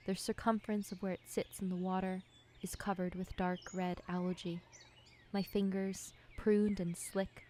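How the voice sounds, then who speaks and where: Slow and measured, a woman from the United States reads poetry she wrote for her own film, keeping her low, mellow voice hushed and now and then whispering. Faint noise sits behind the scripted narration.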